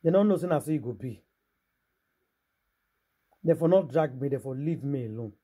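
A man's voice: medium pitch, animated, moderate pace, dark tone, husky. A man from Nigeria speaking in a Nigerian Pidgin English accent, giving casual gossip commentary in a preachy, rhetorical way, addressing viewers directly. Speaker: gossip vlogger.

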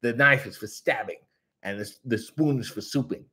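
A man's voice: mid-range voice, moderate pace, sharp tone, close to an everyday voice. A man doing a comic impression of a ditzy, giggly woman wrestler who explains things in a rambling, confused way.

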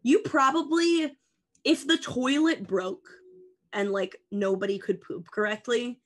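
A woman's voice: fairly high pitch, steady tone, a little slow. A woman in her twenties co-hosting a podcast, chatting casually and rambling playfully through goofy tangents. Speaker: podcast co-host. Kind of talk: casual comedic chat.

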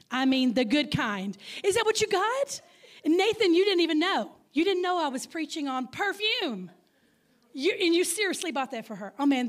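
A woman in her fifties with a Texas accent, giving a playful Mother's Day sermon and calling out questions to the congregation. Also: high voice. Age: 50s. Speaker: guest speaker. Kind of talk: Mother's Day sermon with audience call-and-response.

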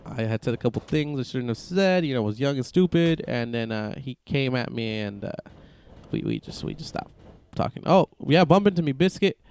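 A young man commentating his own wrestling video game, excitable and joking, swearing often. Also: medium pitch, fairly quick, clean tone. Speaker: gaming channel host. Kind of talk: casual gameplay commentary.

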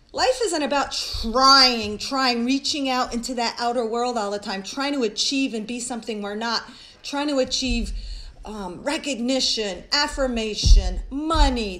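A woman's voice: fairly high pitch, a little slow, pushed and bright, low-quality recording. A woman hosting a live-streamed spiritual talk, speaking earnestly in long, flowing strings of repeated phrases and calling her viewers guys. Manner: earnest and heartfelt.

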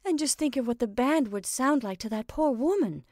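Earnest young woman, pleading, breathless, raised pitch, read by a woman. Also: lively intonation, moderate pace, a little mellow, no room sound, studio quality. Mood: pleading, upset.

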